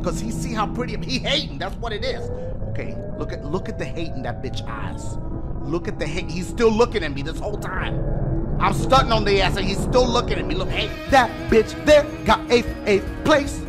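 Loud, profane man shouting over a game. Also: lively intonation, a little fast. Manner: loud, profane, swings between shouts and low mutters. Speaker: gaming YouTuber. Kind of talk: game commentary. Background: game music.

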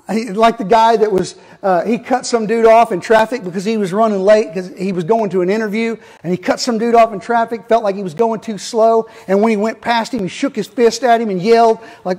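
A male pastor delivers a sermon in a voice pitched high for a man. He keeps it folksy, slipping jokes and asides to the congregation between points. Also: steady tone, fairly quick, hardly any pauses, darkish tone.

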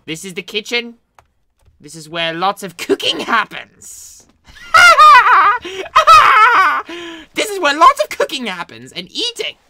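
A woman voicing a manic, villainous male mansion creator who shouts, gloats and cackles. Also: on the low side, lively intonation, measured pace, heavy background noise, voice pushed up. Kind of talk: doll play-acting.

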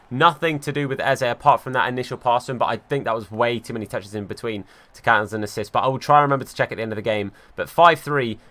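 A young man giving live commentary over his football video game, swinging from calm play-by-play to exasperated outbursts. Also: medium pitch. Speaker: gaming YouTuber.

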